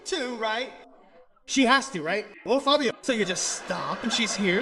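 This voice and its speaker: High, lively stand-up comic teasing his crowd. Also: unhurried. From Brazil. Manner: teasing, animated, laughing often. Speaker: stand-up comedian. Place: comedy stage before an audience.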